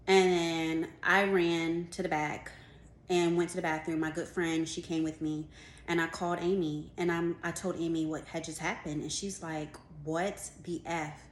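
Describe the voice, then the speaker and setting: Animated young woman in a roomy room. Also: lowish voice, moderate pace. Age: 20s. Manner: animated, fills with "like", acts out what others said. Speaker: vlogger telling a work story. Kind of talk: casual storytime. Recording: roomy room with faint background noise.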